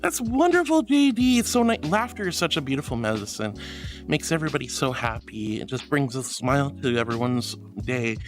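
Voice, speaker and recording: A woman's voice: a bass voice, big pitch swings, a little fast, faint music behind. A woman streaming from home, chatting casually with her viewers in a bubbly, affectionate, giggly way. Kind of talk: casual livestream chat reading comments.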